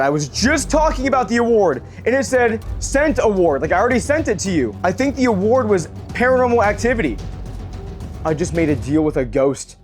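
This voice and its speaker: A young man vlogging alone in an old house at night, addressing spirits quietly and shrieking and swearing when startled, hoarse from screaming. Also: sits high. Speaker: ghost-hunting vlogger. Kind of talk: excited paranormal vlog.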